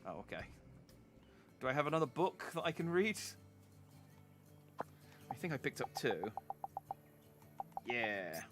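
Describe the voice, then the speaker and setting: A man streaming a game, chatting casually, joking and reading the dialogue aloud in an animated, mock-indignant way. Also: medium pitch, measured pace, long pauses, music in the background.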